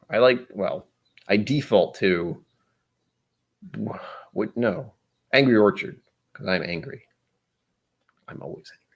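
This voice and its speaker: A livestreaming man chats over drinks in a fairly low, very animated voice with vocal fry, speaking a little slowly with long pauses. He rambles, cracks jokes and makes fun of himself.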